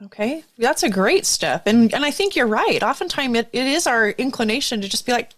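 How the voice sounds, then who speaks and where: A woman's voice: fairly high pitch, lively intonation, brisk, few pauses, dry recording. A woman hosting a parenting podcast, affirming her guest and telling stories from her own family. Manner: warm affirming, shares personal parenting stories. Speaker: podcast host. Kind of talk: podcast interview.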